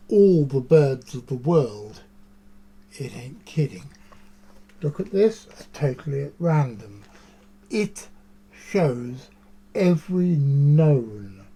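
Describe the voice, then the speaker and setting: Slow, husky-voiced man hosting. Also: fairly high pitch, dark tone. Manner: rambling, chatty, musing asides. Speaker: podcast host. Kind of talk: casual monologue to camera.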